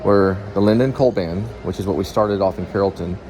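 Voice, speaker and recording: Chatty low-voiced man rambling in a mall. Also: fast talker, music in the background. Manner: rambling, chatty, thinks aloud. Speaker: vlogger. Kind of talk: casual walking vlog. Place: indoor shopping mall.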